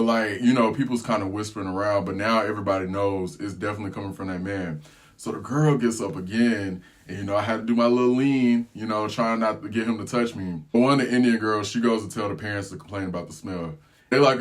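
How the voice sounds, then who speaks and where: A man telling a storytime vlog in a casual, slangy way. He tells it with animated energy and breaks into laughter. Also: on the low side. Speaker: travel vlogger.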